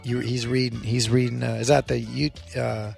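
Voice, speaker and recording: A man's voice: mid-range voice, level tone, normal speed, vocal fry, a little mellow, soft background music. A man co-hosting a podcast, swearing and joking in laid-back banter. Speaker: podcast co-host. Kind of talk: casual chat.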